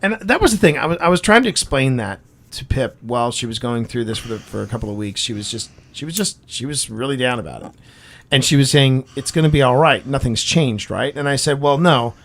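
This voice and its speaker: A man's voice: medium pitch, lively intonation, quick pace, fairly bright tone. A man co-hosting a casual live-stream chat, chatty and emphatic, often repeating his words. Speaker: co-host.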